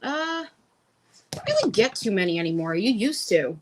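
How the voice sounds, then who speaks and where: A woman's voice: medium pitch, big pitch swings, moderate pace, slight background noise. A woman tattoo artist chatting as a guest in a casual interview, bubbly and talkative, acting out what her clients say.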